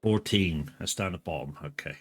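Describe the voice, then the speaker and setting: Man, low voice, casual game commentary, rambling, swears a lot. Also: normal speed, husky. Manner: rambling, swearing, frequent restarts. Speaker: live streamer.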